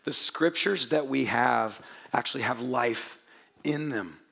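A man preaching a sermon to his congregation in a hoarse, gravelly voice, chatty and joking, often restarting his sentences. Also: medium pitch, takes it slowly, a bit bright. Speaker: pastor. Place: church hall before a congregation.

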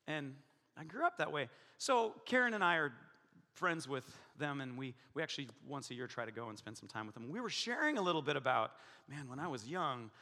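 Animated preacher with a bright voice in a big hall. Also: male voice, mid-range voice, fairly quick. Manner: animated storytelling, acts out quoted voices. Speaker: pastor. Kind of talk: sermon with personal story.

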